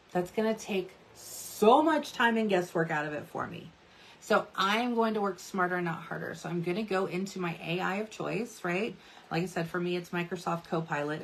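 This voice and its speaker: A woman's voice: fairly low pitch, a bit bright, a little hiss or hum. A woman in her thirties giving a chatty social media tutorial, often checking in with "right?" and "okay?". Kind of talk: casual tutorial talk to camera.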